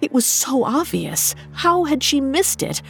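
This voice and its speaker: Slow, expressive female narrator for dramatic storytelling, faint music bed. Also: sits high, vocal fry. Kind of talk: scripted narration.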